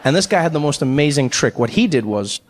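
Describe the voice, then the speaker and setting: A man doing stand-up storytelling, animated, acting out voices and laughing through his lines. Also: on the high side, fast talker, big-room sound. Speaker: stand-up comedian.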